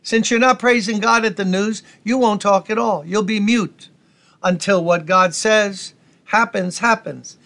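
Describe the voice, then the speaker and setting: An imposing male angel with a brash New York accent, as a preacher puts him on, indignant and challenging. He fires off rhetorical questions in a high, pressing voice. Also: measured pace, sharp tone, exaggerated voice. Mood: scolding.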